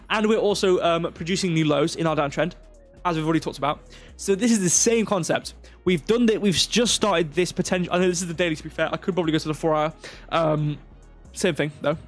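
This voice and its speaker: A man hosting a live crypto stream, walking through charts step by step with rambling, self-deprecating asides. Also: a little high. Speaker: crypto livestream host.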